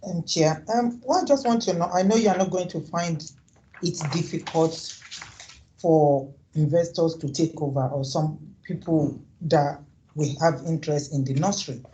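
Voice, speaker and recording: A woman councillor asks earnest, probing questions and restates them with examples. Her voice is mellow and sits slightly low. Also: normal speed, a little hiss or hum, low-quality recording. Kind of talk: questions at a committee meeting.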